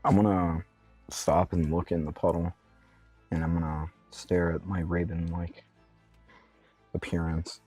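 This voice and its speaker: Very low, husky-voiced player. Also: little pitch movement, unhurried, long pauses, dark tone, soft background music. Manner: casual, hesitant, filler-heavy. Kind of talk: playing a tabletop game.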